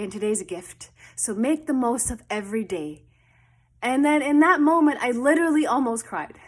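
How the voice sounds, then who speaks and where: High-voiced woman telling a story. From Canada. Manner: chatty, animated retelling with quoted dialogue. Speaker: vlogger. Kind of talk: casual storytelling.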